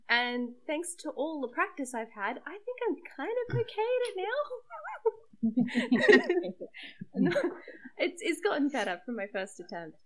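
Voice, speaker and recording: A woman's voice: medium pitch, a bit bright, poor audio. A young woman chatting casually on a podcast about making webcomics, self-deprecating, with lots of fillers and laughter. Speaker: webcomic creator and site regular.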